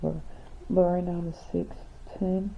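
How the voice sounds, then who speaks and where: A young woman speaks softly in a casual video diary, her voice low and drowsy. Her tone stays flat and even. The sound is tinny and phone-like, with a faint hiss underneath. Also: a little slow, vocal fry. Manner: soft-spoken, quiet and sleepy. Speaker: vlogger. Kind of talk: casual video diary, reading her own letter aloud.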